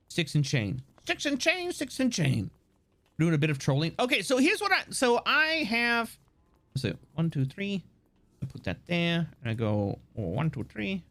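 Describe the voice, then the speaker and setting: A male streamer chatting with viewers as he plays, rambling and playful, with the odd curse and plenty of laughs. His voice sits a little high and swings widely in pitch. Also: vocal fry, fairly bright tone. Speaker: live streamer. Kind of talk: casual live-stream chat while gaming.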